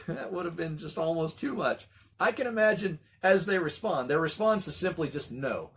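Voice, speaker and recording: A middle-aged man leading a Bible study, telling the story with animated voices for the quoted lines. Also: a little high, normal speed, creaky, a little hiss or hum. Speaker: pastor.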